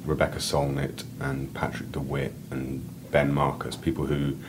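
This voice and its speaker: Brief: low-voiced male writer guest, chatty and rambling, faint background hiss. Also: monotone, normal speed. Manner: rambling and enthusiastic, many restarts and "like"s. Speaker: author and editor, guest. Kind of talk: casual interview and reading aloud.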